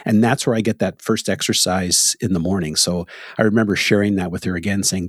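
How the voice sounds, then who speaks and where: A man's voice: low voice, steady tone, a little fast, husky, dry recording, clean studio sound. A Canadian man hosting a podcast, chatting casually and animatedly, laughing often as he tells anecdotes. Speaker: podcast host. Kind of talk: casual conversation.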